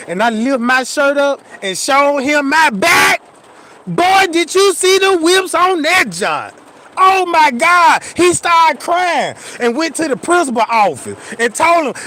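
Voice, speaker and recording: A middle-aged man telling a comic story in a casual, profane, animated way, acting out scenes and checking in with his listeners. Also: very high-pitched, unhurried.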